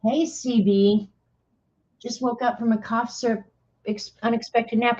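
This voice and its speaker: This middle-aged host's voice sits on the high side with a darkish tone, fairly even intonation, and an unhurried pace. She makes casual chat and talks to herself as she draws on her art livestream, which has dull, lo-fi audio.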